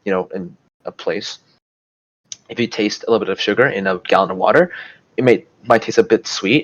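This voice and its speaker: A man's voice: on the low side, poor audio. A young man giving a casual, rambling study lecture, full of fillers like "you know" and "like", and restarting his sentences often. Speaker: student tutor.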